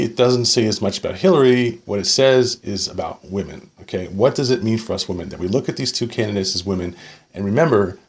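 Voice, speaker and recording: A man reading an article aloud and arguing with it point by point, sarcastic, often tagging his points with "okay?". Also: fairly low pitch. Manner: sarcastic asides. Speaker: political commentator.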